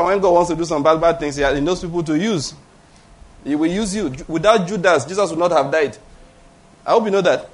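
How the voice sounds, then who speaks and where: A Nigerian man in his fifties preaching a sermon, emphatic, repeating key phrases and checking in with the congregation. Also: on the high side. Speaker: pastor.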